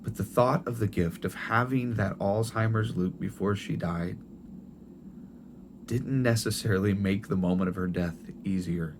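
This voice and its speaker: Middle-aged male pastor, tender and gentle, restarts phrases, low voice. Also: moderate pace, background noise. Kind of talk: sermon.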